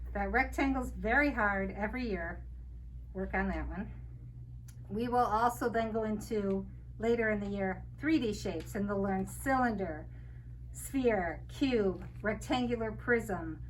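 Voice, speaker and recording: Speaking slowly in a somewhat high voice, an older woman who teaches kindergarten walks parents through things step by step in a warm way, counting aloud as she goes. It's captured from a distant mic with a little noise.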